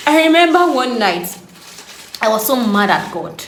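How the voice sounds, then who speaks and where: Woman in her late twenties, faith vlog, animated, giggly, echoey room, faint hum. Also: on the high side, normal speed. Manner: animated and giggly, laughing often. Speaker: faith vlogger. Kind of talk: casual devotional vlog.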